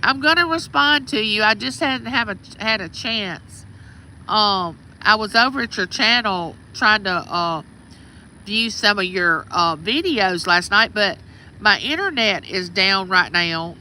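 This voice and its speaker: On a low-quality recording with slight background noise, a middle-aged Southern woman from Mississippi hosts a casual livestream outdoors at her home, greeting viewers by name. She speaks unhurriedly at a medium pitch, sounding pushed and bright.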